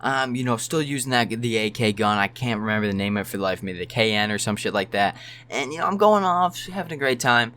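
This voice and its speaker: A man's voice: medium pitch, fast talker, clean tone. A young man telling a casual storytime, rambling and swearing freely. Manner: profane, rambling and animated. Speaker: storytime YouTuber.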